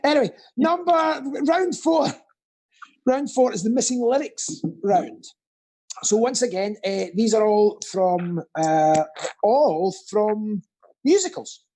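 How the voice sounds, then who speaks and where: A man's voice: sits high, sing-song, takes it slowly, warm tone, low-quality recording. A Scottish man hosting an online quiz in casual, playful banter, often stumbling and repeating his words. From Scotland. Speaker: quiz host.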